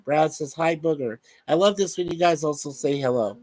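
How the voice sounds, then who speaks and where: A man's voice: fairly high pitch, moderate pace, darkish tone, no echo. A man hosting a casual live stream, reading out viewer comments in a chatty, upbeat way. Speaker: show host.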